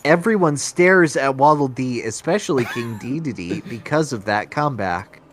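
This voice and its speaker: A man's voice: mid-range voice, expressive, normal speed, fairly bright tone, slight background noise. A man playfully reading a comedic fan fiction aloud, breaking into character voices.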